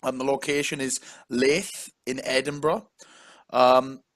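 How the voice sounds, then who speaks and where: A man's voice: medium pitch, fairly even intonation, a little slow, fairly bright tone. A man co-hosting a casual chat, joking around and reading club facts. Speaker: co-host.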